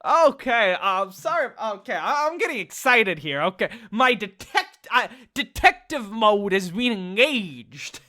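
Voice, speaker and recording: A woman giving casual, excitable commentary while playing a detective game, swearing freely and reasoning out loud. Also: medium pitch, a little slow, hardly any pauses. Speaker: let's play gamer.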